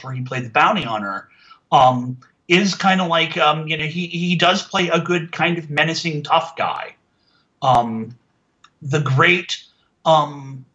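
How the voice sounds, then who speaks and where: A man casually reviewing an old TV show, rambling with many fillers and restarts, getting animated when he complains. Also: a little high, dull audio. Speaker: podcast reviewer.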